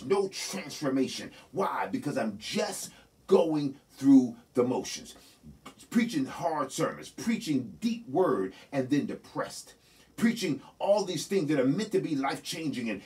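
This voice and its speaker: A male pastor preaches in a loose, conversational way, his pitch leaping high and dropping low. His voice sits at a middle pitch and is picked up from a little way off the microphone in a church. He keeps talking straight to his congregation. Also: darkish tone, distant mic. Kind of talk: sermon. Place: church sanctuary.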